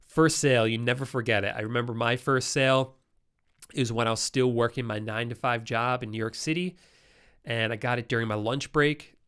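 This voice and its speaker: A man hosting a casual live-stream Q&A, reading out viewer questions and answering them in a loose, chatty way. His voice sounds stuffed up and nasal from a cold, yet it still comes through smooth and resonant at a middle pitch. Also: fairly even intonation, fairly quick, fairly bright tone.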